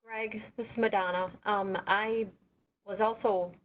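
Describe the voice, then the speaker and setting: A woman's voice: medium pitch, steady tone, measured pace. A woman in a conference-call meeting who asks polite, practical questions. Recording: tinny phone line with faint noise.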